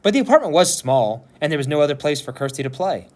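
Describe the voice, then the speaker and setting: A man, a teacher, reading a novel aloud with expressive storytelling. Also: on the high side, quick pace.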